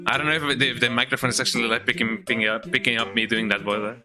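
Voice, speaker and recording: A man's voice: medium pitch, fairly even intonation, very fast, few pauses. A man streaming a video game in casual commentary, playful, tagging many lines with "eh?" and "man". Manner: playful, tacks on "eh?" and "man" often. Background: game music.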